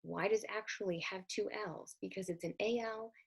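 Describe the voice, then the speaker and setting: Husky-voiced woman teaching about spelling. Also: mid-range voice, steady tone, normal speed. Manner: conversational, asks rhetorical questions. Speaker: literacy educator. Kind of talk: explanatory lecture.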